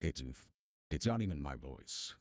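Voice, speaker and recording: Deep AI narrator voice changer. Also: male voice, big pitch swings, a little slow, darkish tone, long reverb tail, heavily acted. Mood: amused. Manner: self-mocking, amused, fumbling over words. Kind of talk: casual live-stream chat.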